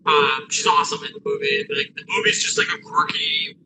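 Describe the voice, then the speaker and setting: A man's voice: fairly high pitch, huge pitch swings, a little fast, creaky, sharp tone. A man co-hosting a casual podcast, enthusiastic and swearing freely, his voice breaking into glitchy robotic call audio. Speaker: podcast co-host. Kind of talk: casual chat. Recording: noisy remote call line.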